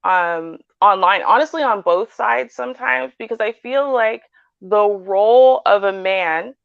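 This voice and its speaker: A woman's voice: medium pitch, unhurried, vocal fry, clean tone, no echo, lo-fi sound. Canadian woman chatting animatedly. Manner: animated storytelling with frequent "right?". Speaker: panelist. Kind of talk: casual panel chat.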